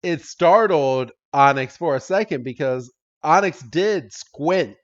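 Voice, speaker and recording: A man casually recapping a cartoon episode as a podcast co-host, excitable, laughing and swearing freely. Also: fairly high pitch, slow pace, lo-fi sound.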